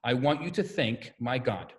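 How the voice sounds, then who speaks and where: A man's voice: mid-range voice, animated, normal speed, voice pushed down, close to an everyday voice. A man voicing a shrewd patriarch who sets dry, matter-of-fact conditions for his guests. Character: shrewd old male patriarch host, bargaining.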